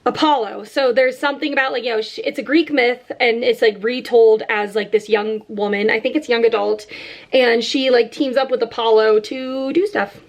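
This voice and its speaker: A woman chatting casually about the books she plans to read, talking fast and loosely with many fillers as she goes. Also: fairly high pitch, steady tone. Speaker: book vlogger.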